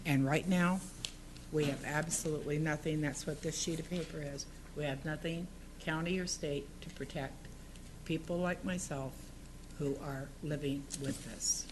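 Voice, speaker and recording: A woman making an earnest, halting public comment at a city council meeting, speaking into a podium microphone. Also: deep voice, fairly even intonation, background noise. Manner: earnest, halting, rambling with restarts. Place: council chamber.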